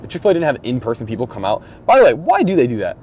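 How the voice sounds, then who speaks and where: A man's voice: mid-range voice, huge pitch swings, very fast, a little mellow. Profane young man ranting while driving. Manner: profane, exasperated, mumbling ranting. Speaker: vlogger. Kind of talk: casual rambling monologue. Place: in a car, driving. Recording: faint road noise in a car. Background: vehicle noise.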